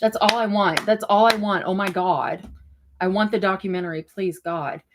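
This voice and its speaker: A woman's voice: mid-range voice, fairly even intonation, moderate pace, a little hiss or hum. A woman hosting a casual livestream and chatting loosely as she reacts to viewer comments, rambling with lots of fillers and the odd swear. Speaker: livestream host.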